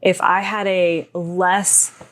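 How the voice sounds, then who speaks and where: A woman's voice: fairly low pitch, drawn-out words. A woman co-hosting a podcast, telling a personal story candidly and animatedly, sometimes dropping almost to a whisper. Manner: animated, acts out quoted dialogue, drops to near whispers. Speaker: podcast co-host.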